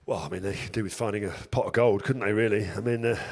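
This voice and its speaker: A man co-hosting a podcast, asking quick-fire questions in a relaxed, jokey way. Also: lowish voice. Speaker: podcast co-host. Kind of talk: casual quick-fire interview chat.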